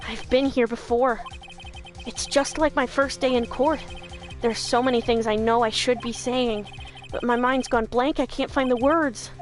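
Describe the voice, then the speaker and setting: A woman's voice: a little high, fairly even intonation, normal speed, soft background music, natural voice. A woman playing a stammering young lawyer guy. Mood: worried. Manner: stammering, loud and panicky. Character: flustered young male defense lawyer.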